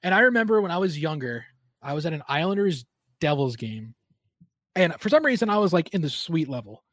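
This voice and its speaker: A man's voice: fairly high pitch, big pitch swings, fairly quick, dry recording. A young man, a sports broadcaster, chatting casually and retelling a story with lots of fillers.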